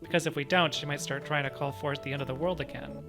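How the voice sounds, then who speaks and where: A man's voice: fairly high pitch, fairly even intonation, vocal fry. Man doing a chatty, careful sidekick, hedging, over game music. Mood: placating. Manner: quick, wordy reasoning with hedging fillers. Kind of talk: reading game dialogue aloud. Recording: game music playing behind.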